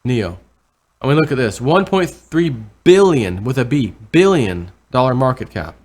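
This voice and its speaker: A man's voice: mid-range voice, very animated, moderate pace, a little mellow. Guy rambling thru price charts on his channel, keeps correcting himself, gets worked up over big numbers. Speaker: crypto vlogger. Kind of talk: casual commentary over charts.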